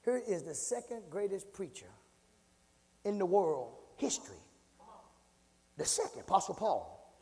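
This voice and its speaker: A man preaching an impassioned sermon, swinging from low murmurs to shouts, repeating phrases and calling out to the congregation. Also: huge pitch swings, a little slow, long pauses, husky. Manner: call-and-response, repeats phrases. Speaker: pastor. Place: church sanctuary. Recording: reverberant church hall.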